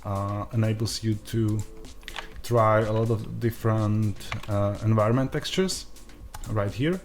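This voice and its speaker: A man with an Eastern European accent giving a screen-recorded software tutorial, pausing often with uh and um. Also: lowish voice, soft background music. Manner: hesitant, frequent uh and um fillers.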